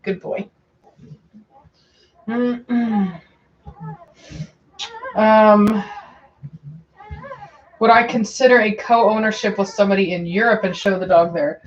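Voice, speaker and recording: A woman's voice: mid-range voice, fairly even intonation, slow, pauses often, slight background noise. Chatty woman dog breeder on a dull stream. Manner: chatty and meandering, with many ums and repeats. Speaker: dog breeder hosting a livestream. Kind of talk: casual livestream chat answering viewer questions.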